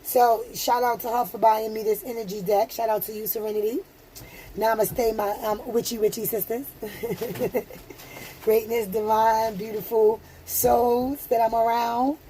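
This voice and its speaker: Slow-talking woman doing a tarot reading. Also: a little high, flat delivery, warm tone, a little hiss or hum, low-quality recording. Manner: soothing, affirming, laughs often. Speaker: tarot reader. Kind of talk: casual spiritual card reading.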